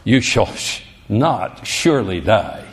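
A crafty male serpent tempter with a slippery, coaxing manner, voiced by a preacher dropping his voice. It brushes warnings aside with low, sly reassurance, rising and falling widely as it speaks. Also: lively intonation, slow pace. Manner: coaxing, dismissive questions.

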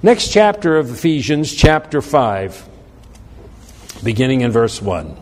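A man preaching a sermon, emphatic and slowing down to read scripture aloud. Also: medium pitch, animated, a little mellow, long reverb tail. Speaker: pastor.

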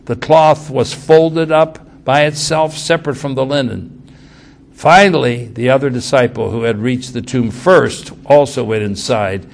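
A male preacher reading scripture aloud and commenting on it, swinging from loud, urgent passages to hushed ones. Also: mid-range voice, measured pace, vocal fry. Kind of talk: sermon.

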